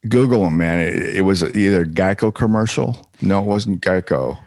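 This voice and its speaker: A man co-hosting a podcast in casual chat, rambling with halting restarts. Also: low-pitched, lively intonation, darkish tone, dry recording. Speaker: podcast co-host.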